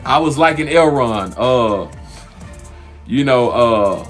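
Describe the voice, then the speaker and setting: A man in the middle pitch range rambles through a TV episode recap in a loose, animated way, stopping and restarting his thoughts as he goes. Faint music plays underneath his voice. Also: slow. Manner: animated, loose and conversational with many fillers and restarts. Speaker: TV recap host. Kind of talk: casual spoken TV episode review.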